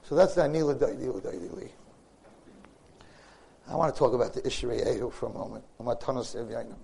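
A man giving a Torah lecture, impassioned, swinging from hushed asides to loud pleading, with Hebrew and Yiddish terms. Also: medium pitch, a little fast, vocal fry, husky.

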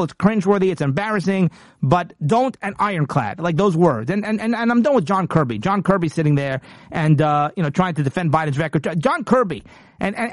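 A man's voice: high voice, dry recording, clean studio sound. A man hosting a political commentary show, talking in an emphatic, combative monologue with frequent repeats and restarts.

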